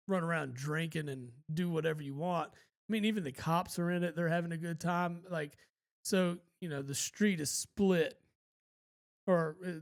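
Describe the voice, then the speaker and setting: A man co-hosting a podcast, telling a long story in a laid-back, rambling way and swearing freely. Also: on the high side. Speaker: podcast co-host. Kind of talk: casual storytelling chat.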